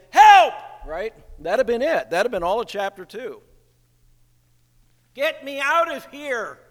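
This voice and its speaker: A male pastor preaching a sermon in a church, slow and emphatic, asking rhetorical questions. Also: high-pitched, a bit bright, long reverb tail.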